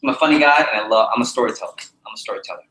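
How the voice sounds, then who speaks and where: A man teaching a live sales training session, animated and jokey, repeating his key points to the group. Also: on the low side, very fast, roomy sound, slight background noise, low-quality recording. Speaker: sales trainer leading a workshop.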